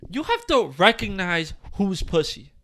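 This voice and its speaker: Young male podcast co-host, high-pitched and bright, rambling profane storyteller. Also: big pitch swings, a little slow. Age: 20s. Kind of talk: casual chat.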